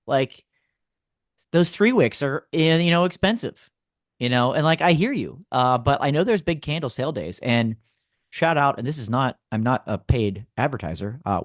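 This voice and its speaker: A man co-hosting a podcast in casual chat, speaking at a middle pitch. He is easygoing, with filler words and friendly shout-out asides. The sound is dry and close to the mic. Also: dry recording. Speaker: podcast co-host.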